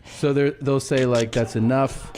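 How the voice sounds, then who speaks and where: A man's voice: medium pitch, fairly even intonation, a little slow, over loud music. A middle-aged man telling stories in casual podcast chat, laid-back and swearing freely. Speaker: podcast guest and comedian.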